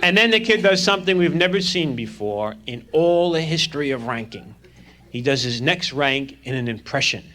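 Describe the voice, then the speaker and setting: A man telling fast stand-up stories about his school days, on a crackly vinyl record. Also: medium pitch, lively intonation, bright, forceful tone, some chatter behind. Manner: fast anecdotal delivery. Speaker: stand-up comedian. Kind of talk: stand-up storytelling.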